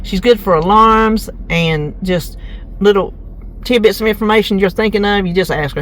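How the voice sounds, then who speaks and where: This is a woman, chatting folksily to viewers in a casual vlog. She laughs easily and rambles from one thought to the next, speaking into a phone camera. A steady car rumble sits clearly under her voice. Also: moderate pace. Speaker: vlogger. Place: in a car, then at home.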